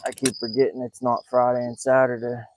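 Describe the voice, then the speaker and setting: A man fishing from a boat on a lake at night chats and jokes in a low voice as he tells stories for his vlog. His tone is level and his pace fairly quick, with poor audio and slight background noise.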